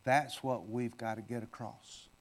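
A man pastor preaching a sermon, swinging from loud, forceful declarations down to a soft, intimate appeal. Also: medium pitch, steady tone, measured pace. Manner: preaches with loud swells, then drops to soft, close talk.

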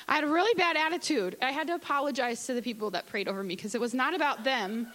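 A woman's voice: a little high, animated, fast, hardly any pauses, a bit bright, rough recording. A woman giving a candid, conversational church testimony, acting out her own asides. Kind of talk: sermon testimony.

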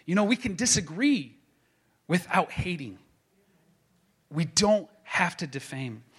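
A man preaching a sermon as a pastor, building to emphatic proclaiming and then dropping to a hushed tone. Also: high-pitched, sing-song, takes it slowly, husky.

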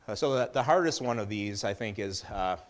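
A man's voice: on the low side, animated, fairly quick. A middle-aged man giving a casual Bible teaching in a conversational way, with joking asides and frequent restarts.

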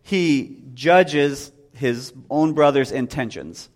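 A man's voice: mid-range voice, expressive, slow pace. A man in his thirties preaching a casual sermon in a conversational way, often acting out voices from the story.

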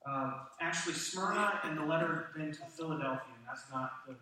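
A man preaching a sermon to his congregation with animated delivery and questions to the room. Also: fairly high pitch, fairly quick, far from the mic. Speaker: pastor. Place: church sanctuary. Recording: echoey church hall from off-mic.

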